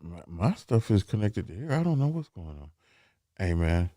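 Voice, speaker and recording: A man's voice: low-pitched, big pitch swings, moderate pace, mellow, dry recording, studio quality. A man hosting a casual podcast, laid-back and slangy, joking his way through a technical hitch. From Cincinnati. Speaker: podcast host.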